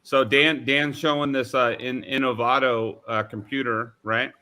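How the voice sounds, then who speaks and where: A man hosting a live online chat about making things, telling animated, rambling stories with many restarts. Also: mid-range voice, measured pace. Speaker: host of a live maker chat. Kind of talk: casual chat.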